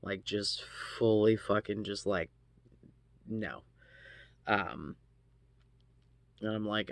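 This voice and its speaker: A man with a lowish voice tells a personal story at an unhurried pace. He speaks haltingly and swears freely, breaking off and restarting his sentences. The sound is close and dry. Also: fairly even intonation, creaky, no echo. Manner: halting, profane, many restarts. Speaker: vlogger. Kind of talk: casual storytime monologue.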